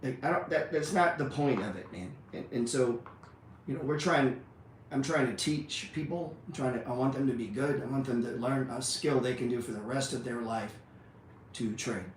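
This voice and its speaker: This trading educator delivers a blunt, profane motivational rant, calling his listeners "man" and "dude." His medium-pitched voice moves at a moderate pace, picked up off-mic in an echoey room with some hiss or hum.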